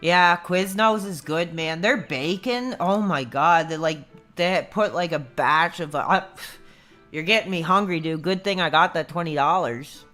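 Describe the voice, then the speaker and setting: Man, 30s, livestream host; casual rambler, bright edgy tone. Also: on the high side, measured pace, faint music behind. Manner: rambling, laid-back, says dude a lot. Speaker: streamer.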